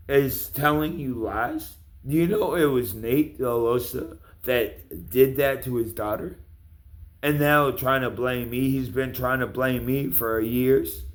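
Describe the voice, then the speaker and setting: Guy going off on a long cussing rant, mid pitch, rambly and heated. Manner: gets louder and higher when angry. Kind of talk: angry ranting monologue.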